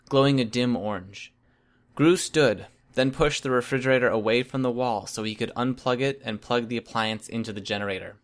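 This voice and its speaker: A man narrating a first-person story in a steady, even reading voice. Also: mid-range voice. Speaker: audiobook reader.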